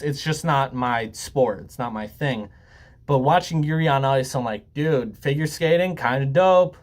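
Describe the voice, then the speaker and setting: A young man in a relaxed, unedited talk to camera, drifting between jokes and apologies. His pitch sits in an ordinary middle range. He fills the gaps with ums and lets the odd swear word slip. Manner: rambling and joking with frequent ums and swearing. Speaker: YouTuber. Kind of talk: casual laid-back talk to camera.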